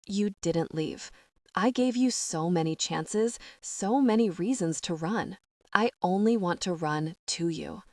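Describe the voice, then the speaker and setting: A woman reading an audiobook, voicing a tender, devoted young man who speaks softly and earnestly. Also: fairly low pitch, unhurried, no echo, clean studio sound, natural voice. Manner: soft, hushed and earnest. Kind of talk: audiobook narration.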